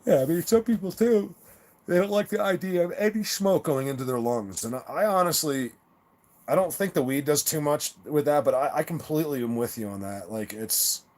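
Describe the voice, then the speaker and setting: A man's voice: a little high, brisk, a little mellow. A man hosting a live stream, chatting casually with viewers in a rambling, stop-start way, repeating words and laughing at his own stories. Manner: rambling, with many restarts and stammered repeats.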